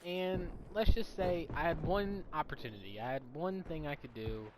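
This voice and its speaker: A man's voice: a little high, normal speed, background noise. Foul-mouthed young man telling a story. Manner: profane, animated storytelling. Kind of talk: casual storytime while gaming. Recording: loud game gunfire underneath. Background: video game gunfire and voice lines.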